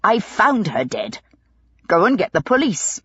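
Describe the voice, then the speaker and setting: A woman's voice: mid-range voice, sing-song, a little slow, a bit bright, breathy edge, dry recording, dull audio, full character voice. A woman voicing a weary male police inspector who speaks in a clipped, restrained, impatient way.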